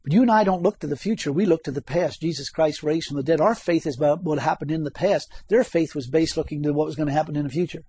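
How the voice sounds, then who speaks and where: A man's voice: on the high side, fast talker, few pauses, warm tone, husky. A man preaching a sermon, reading scripture aloud and asking the congregation questions.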